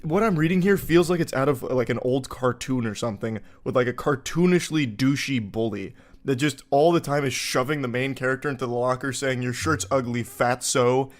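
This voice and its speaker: A young man with a voice of ordinary, middle pitch talks through online posts in a loose, conversational way. He sounds wry and incredulous, poking fun at what he reads. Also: a little fast. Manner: wry, incredulous, mocking asides. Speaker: commentator reading online posts. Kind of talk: casual commentary.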